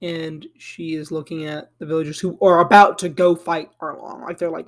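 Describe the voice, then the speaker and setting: A man with a fairly high-pitched voice retells an anime fan story in a loose, rambling way. He leans on fillers and drops casual swear words. He sounds a little sleepy, speaking from his room at home. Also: level tone, normal speed. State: yawning, tired.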